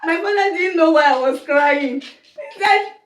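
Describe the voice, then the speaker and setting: A woman's voice: high-pitched, normal speed, crowd noise. A middle-aged woman from Nigeria with a Nigerian English accent, a native Yoruba speaker, telling family stories animatedly and acting out the voices. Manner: animated storytelling, acts out voices, laughs while telling. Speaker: storyteller guest, the host's mother. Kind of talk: candid family conversation. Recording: roomy, distant mic.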